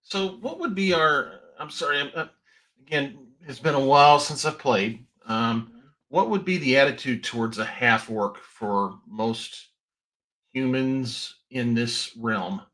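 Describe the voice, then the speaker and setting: A man takes part in a tabletop game, his voice bright and forward. He talks hesitantly and stops to ask questions. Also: medium pitch, measured pace, rough recording. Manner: hesitant, uses fillers. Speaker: player.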